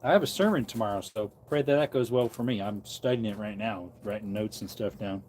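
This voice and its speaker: A man's voice: on the low side, fairly quick, darkish tone, slight background noise. A man who preaches, chatting casually on a livestream from an outdoor porch and wandering between topics as he reads comments aloud.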